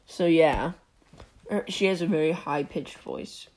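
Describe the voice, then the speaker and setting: On the high side but with a darkish tone, this young podcast host's voice is very animated and unhurried. He tells a rambling story, giggling frequently, digressing, and breaking off mid-thought.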